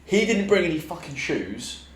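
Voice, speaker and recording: A young man, a podcast host telling a story casually, animated and full of swearing and slang. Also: fairly high pitch, moderate pace. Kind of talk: casual chat. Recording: roomy echo, faint background noise.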